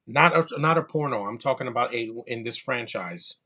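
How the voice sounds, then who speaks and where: A man with a bright, forceful voice rants through a movie review. He sounds exasperated and keeps restarting his sentences as he goes. His pitch sits in an ordinary middle range. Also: steady tone, normal speed, few pauses. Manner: exasperated, ranting, repeats words and restarts. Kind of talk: casual movie rant.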